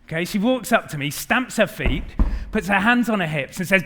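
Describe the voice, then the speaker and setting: Bright-voiced man giving a keynote. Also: high-pitched, fairly quick, a little hiss or hum. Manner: lively, engaging, directs the audience. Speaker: keynote speaker. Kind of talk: conference keynote talk. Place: large conference hall.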